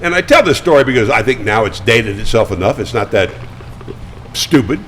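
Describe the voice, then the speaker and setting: An older man talking as a guest, spinning chatty, animated anecdotes with frequent stammered restarts. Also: mid-range voice, fairly quick, a little hiss or hum, low-quality recording. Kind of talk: casual storytelling. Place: studio.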